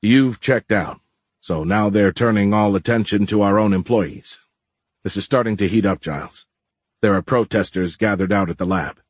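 A man voicing a gentle, energetic colleague who answers with hesitant caution. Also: on the low side, normal speed, no room sound, natural voice. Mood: hesitant, calm. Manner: hesitant, placating.

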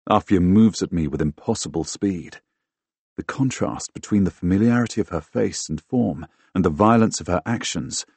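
A man narrating a first-person fantasy audiobook in a dramatic, expressive way, recorded close on a studio microphone. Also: low voice, husky, no echo. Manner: dramatic, expressive, bursts into loud shouts in dialogue.

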